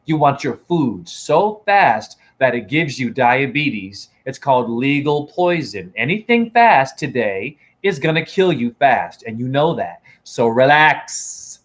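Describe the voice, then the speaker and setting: A man's voice: mid-range voice, sing-song, a little slow, few pauses. A man live-streaming as a self-styled spiritual teacher to his chat, preachy and taunting, firing off rhetorical questions. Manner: preachy and taunting, keeps asking "right?". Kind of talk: live-stream rant to viewers. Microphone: phone camera.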